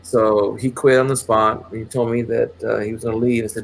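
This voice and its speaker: A man's voice: on the low side, little pitch movement, normal speed, vocal fry, a little hiss or hum. A man casually telling a long, rambling story, with many restarts and acted quotes. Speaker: channel host.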